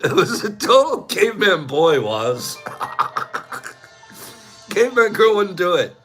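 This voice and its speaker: A man's voice: high voice, sing-song, measured pace, a bit bright, faint music behind. A man hosting a casual livestream, talking loosely and breaking into giggles often. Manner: giggly, keeps breaking into laughter. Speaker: livestream host.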